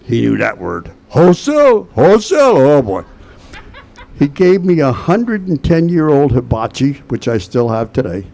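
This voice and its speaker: An older man gives an induction speech, telling a funny story with animated delivery. His voice sits at an ordinary male pitch. He slips into quoted voices as he goes. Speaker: hall of fame inductee. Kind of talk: anecdotal speech.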